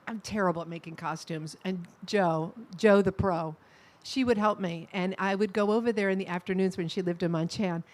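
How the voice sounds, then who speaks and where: Woman telling stories at a memorial. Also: fairly low pitch. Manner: warm anecdotal storytelling with soft laughs. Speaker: eulogy speaker at a memorial. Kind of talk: personal eulogy.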